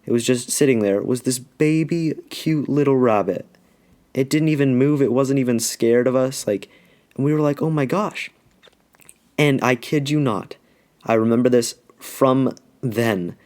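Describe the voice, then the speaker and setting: A man's voice: mid-range voice, normal speed, darkish tone. Slangy young man telling a story. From Alaska. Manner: slangy, rambling, full of "like". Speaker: YouTuber telling a life story. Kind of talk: casual storytelling.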